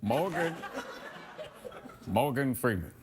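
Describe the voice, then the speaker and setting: A man's voice: medium pitch, expressive, takes it slowly, background noise. A man voicing a laid-back, goofy male puppet guest who drawls and swears casually in late-night comedy. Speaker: talk show guest.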